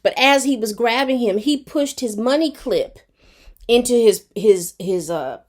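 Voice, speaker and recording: A woman recapping a TV episode for her viewers in casual chat, expressive and talkative, with terms of endearment and fillers. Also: fairly high pitch. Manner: rapid talk.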